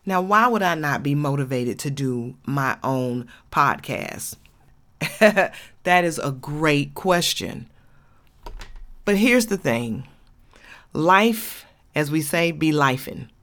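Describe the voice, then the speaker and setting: Low, slow-talking woman podcaster. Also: lively intonation, fairly bright tone. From Georgia, USA. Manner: candid, folksy, talks straight to listeners. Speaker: podcast host. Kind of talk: inspirational podcast monologue.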